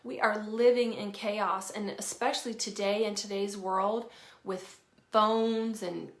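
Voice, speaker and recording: A woman's voice: mid-range voice, steady tone, measured pace. A woman with a Southern accent, a healing coach talking casually to camera, candid and informal, swearing freely and laughing easily. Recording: roomy echo.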